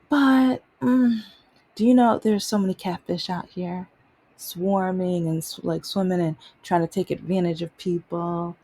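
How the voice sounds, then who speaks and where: Casting: woman vlogger, dark mellow tone with gravel, lively storytelling. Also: fairly low pitch, a little slow. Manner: animated, exasperated retelling with mocking quoted voices. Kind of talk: casual storytelling vlog.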